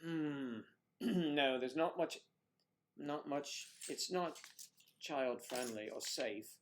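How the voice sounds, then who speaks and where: Speaking slowly in a slightly high voice with a faint hiss or hum, this middle-aged man from the U.S. co-hosts a laid-back livestream. He reads chat comments aloud and ribs viewers by name with raunchy humor.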